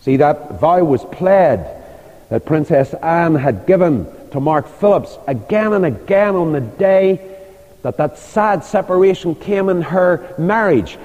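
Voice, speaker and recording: A man's voice: sits high, lively intonation, a little slow, darkish tone. An older man preaching a sermon about marriage, telling stories with emphatic delivery and rhetorical questions. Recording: long hall reverb.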